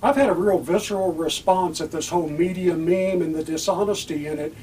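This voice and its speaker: A man's voice: high voice, brisk, dark tone, far from the mic, faint music behind, low-quality recording. A man hosting a political talk show, speaking in a heated, emphatic way and returning to his key words. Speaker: podcast host.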